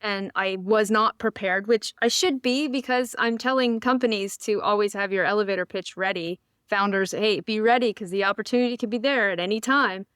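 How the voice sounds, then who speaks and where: A woman from Canada co-hosting a podcast in casual chat, an animated storyteller who acts out the voices in her stories. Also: medium pitch, brisk, few pauses, clean tone, dry recording, studio quality. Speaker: guest co-host.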